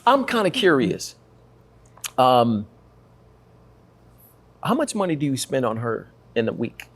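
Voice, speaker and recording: Male talk show host from Africa, joking and high-energy, with a lively, bouncing pitch. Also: slow, slightly rough.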